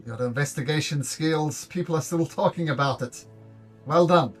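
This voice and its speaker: A man's voice: on the high side, moderate pace, faint music behind, lightly acted. A man voicing a kindly temple priest who welcomes visitors effusively. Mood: welcoming. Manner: warm, gracious, effusive.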